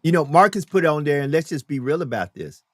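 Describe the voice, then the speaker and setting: A man hosts a live talk stream, preaching his point with heavy emphasis and repeated lines. His voice sits fairly high, and the mic is close and dry with no room at all. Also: lively intonation, fairly quick, no echo. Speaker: host.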